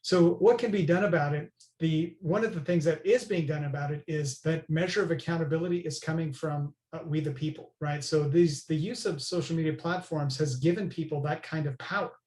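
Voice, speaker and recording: A man's voice: a little high, fairly quick, hardly any pauses, a little mellow, roomy sound. A man speaking as a podcast guest, earnest and emphatic, often checking in with "right?". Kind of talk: conversational interview.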